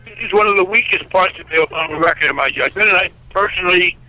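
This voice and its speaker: Blunt older man on a bright phone line. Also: high voice, fast. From United States. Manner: blunt, wry, emphatic with repeated restarts. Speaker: congressman, interview guest. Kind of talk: political interview by phone.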